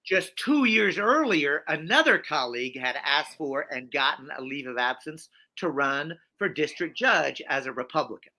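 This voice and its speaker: Forceful, bright-voiced man telling stories. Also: on the high side, moderate pace, few pauses. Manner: animated and emphatic, with many restarts and repeated phrases. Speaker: interview guest. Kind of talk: storytelling in a conversational interview.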